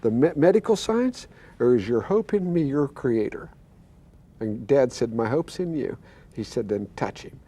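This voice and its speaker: A man's voice: medium pitch, expressive, moderate pace, warm tone. An older man, a pastor, telling his own healing story earnestly, acting out the voices he quotes and stammering now and then. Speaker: pastor and guest. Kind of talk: telling a personal testimony.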